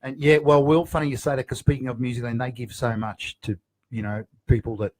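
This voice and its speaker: A man's voice: mid-range voice, flat delivery, brisk. A man with an Australian accent who is a guest musician on a casual chat show, talking in a friendly, chatty way.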